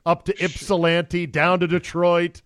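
A man's voice: high-pitched, normal speed, clear, resonant tone, no room sound, clean studio sound. A man hosting a podcast, riffing and joking in casual radio banter. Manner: animated, jokey, riffing. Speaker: podcast host.

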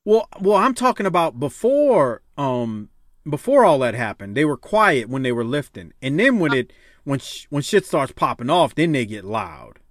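A man hosting a casual podcast chat, animated and joking, laughing and swearing with his co-hosts. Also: on the high side, normal speed, no room sound, studio quality. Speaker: podcast host.

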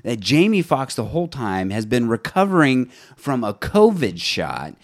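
A man's voice: mid-range voice, very animated, normal speed. A man co-hosting an entertainment podcast, rambling and laughing often in casual chat. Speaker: podcast co-host.

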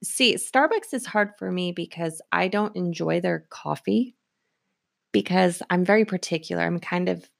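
A woman's voice: on the low side, normal speed, creaky. A woman co-hosting a podcast, chatting casually and laughing often. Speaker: podcast co-host. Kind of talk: casual chat.

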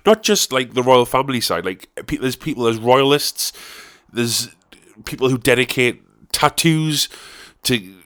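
A man's voice: medium pitch, animated, a little slow, hardly any pauses, a bit bright. A man hosting a podcast, rambling and swearing as he laughs through casual chat. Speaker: podcast host.

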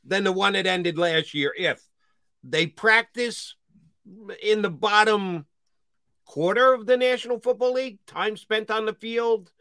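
Bright-voiced man hosting sports talk. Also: sits high, unhurried, clear, resonant tone, dry recording. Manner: questioning, builds long argumentative points.

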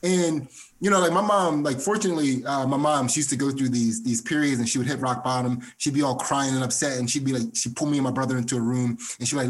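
A man's voice: medium pitch, quick pace. A man, a comedian guest, telling a story in casual podcast chat and acting out what people said. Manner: animated storyteller who acts out quoted lines.

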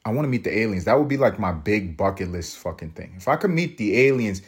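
Rambling, profane man with a low voice. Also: quick pace, slightly rough. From Puerto Rican family, raised in US projects. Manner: profane, rambling, laughs at own jokes; jumps to high excited pitch for emphasis. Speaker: podcast host. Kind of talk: solo comedic monologue.

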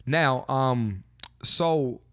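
A man hosting a podcast in a studio, talking in a loose, animated way with lots of swearing and filler phrases. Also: mid-range voice, very slow, slight background noise. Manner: animated, swearing, repeats "you know what I'm saying". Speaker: podcast host. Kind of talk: casual podcast chat.

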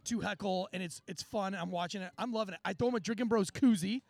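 A man hosting a podcast in casual chat, an animated storyteller who swears freely. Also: high voice, fast, gravelly, dry recording. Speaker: podcast host.

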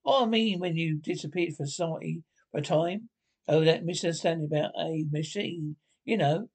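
A man voicing a sensible, earnest male water rat in a storybook reading, telling things slowly and emphatically. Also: fairly high pitch, breathy edge. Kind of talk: storybook character voice.

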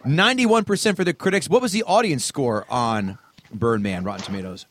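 A man's voice: medium pitch, a little fast, a bit bright. A man with a Long Island accent co-hosting a podcast, bantering casually and swearing freely. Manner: brash, profane banter. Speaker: podcast co-host. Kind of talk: casual chat.

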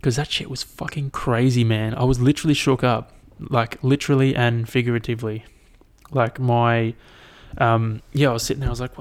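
A man's voice: medium pitch, fairly even intonation, brisk. A young Australian man chatting alone into a mic, rambling and swearing freely as he retells his week. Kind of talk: casual solo chat.

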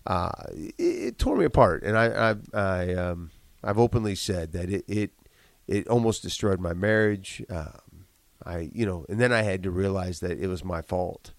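A business owner appears as a guest in a casual podcast chat, speaking in a low, expressive, congested voice with vocal fry and a slight cough. At a moderate pace and with no echo, he tells earnest motivational stories, restarting often.

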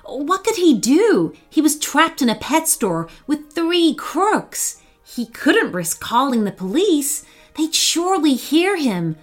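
A woman's voice: sits high, big pitch swings, slow pace, soft background music. A woman reading a children's story aloud, telling it expressively.

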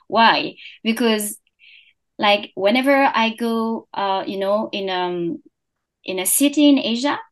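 Young French woman, guest in a casual interview; slow, halting delivery full of fillers. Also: mid-range voice. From France. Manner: hesitant, many fillers and restarts. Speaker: podcast founder, guest.

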